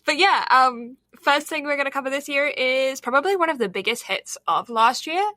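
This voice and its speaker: A woman's voice: high voice, moderate pace, sharp tone, no room sound. A woman co-hosting a casual podcast chat with a slight lisp, rambling and laughing often. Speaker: podcast co-host.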